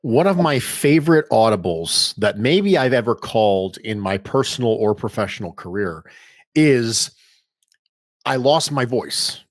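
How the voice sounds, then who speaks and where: A man's voice: mid-range voice, animated, measured pace, dry recording, studio quality. A man guesting on a podcast, telling stories animatedly with speech and emphatic repetition. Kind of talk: casual podcast interview.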